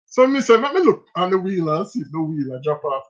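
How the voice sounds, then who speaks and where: Jamaican-accented host, casual live-stream storyteller, lively and giggly, slightly dull lo-fi audio. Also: medium pitch, fast talker. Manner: animated, laughs often between lines, speaks Jamaican Patois.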